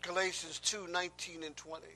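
High-voiced preacher with bright tone. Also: male voice, flat delivery, fairly quick, slight background noise. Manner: call-and-response preaching, swinging from hushed whispers to loud emphasis. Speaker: pastor. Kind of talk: sermon.

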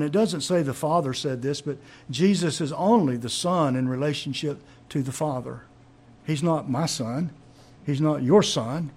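A man's voice: a little high, husky. A man preaching a sermon, teaching in an emphatic way and asking rhetorical questions.

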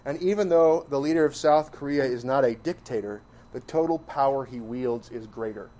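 A man preaching a sermon, emphatic and full of rhetorical questions, swinging between loud stresses and quiet asides. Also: mid-range voice, moderate pace. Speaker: pastor.

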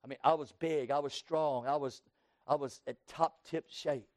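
A pastor from Texas with a Southern US accent, preaching an impassioned sermon that swings from loud cries to hushed tones. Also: male voice, a little high, fairly even intonation, moderate pace, no room sound, clean studio sound. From Texas, USA. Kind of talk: sermon with altar call.

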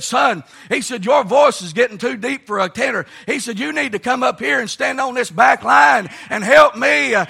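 A man preaching a shouted camp-meeting sermon in a folksy, strained voice. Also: very high voice, vocal fry, husky. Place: large church or camp meeting, live congregation.

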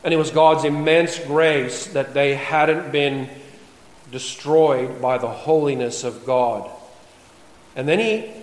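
Male pastor, mid-pitched, conversational sermon delivery, roomy church reverb. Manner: conversational storytelling, then reading scripture aloud. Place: church sanctuary. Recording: echoey church hall.

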